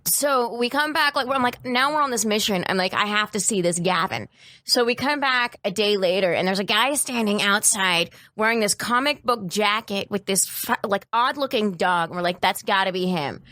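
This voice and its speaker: A woman comedian guest telling a story in casual, animated podcast chat, full of swearing. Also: on the high side, moderate pace, few pauses, no room sound. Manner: animated, swearing, jumps into voices.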